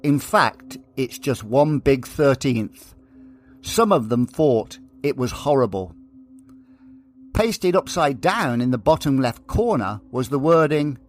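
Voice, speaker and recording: A man reading scripted true-crime narration for a podcast, slowing down deliberately when he reads out letters. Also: medium pitch, slight background noise.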